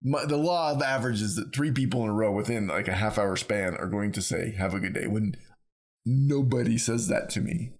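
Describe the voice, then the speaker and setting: A man co-hosting a podcast, rambling through ideas in casual conversation and telling stories with lively acted-out quotes. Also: on the low side, a little fast. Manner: rambling, animated storyteller who acts out quotes. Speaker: podcast co-host.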